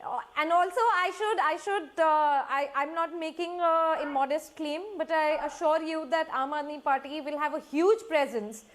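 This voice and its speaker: A woman, speaking as a party spokesperson in a TV debate, measured, with restarts and sarcastic retorts. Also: sits high.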